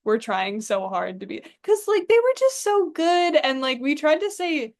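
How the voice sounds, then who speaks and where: A woman's voice: sits high, sing-song, normal speed. A young woman co-hosting a casual podcast chat, laughing often and trailing off into mumbles. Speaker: podcast co-host.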